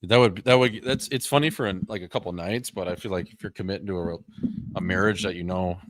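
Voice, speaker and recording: A young man with a deep voice, co-hosting a casual podcast. He rambles quickly through loose, joking chat, full of fillers. His voice is recorded close and dry. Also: no room sound. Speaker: podcast co-host.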